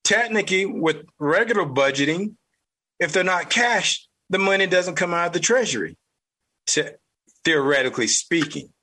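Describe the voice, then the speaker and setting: Southern man, podcast host, blunt political monologue, high voice, husky edge. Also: lively intonation, moderate pace, bright, forceful tone. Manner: blunt and fired-up, mild cursing.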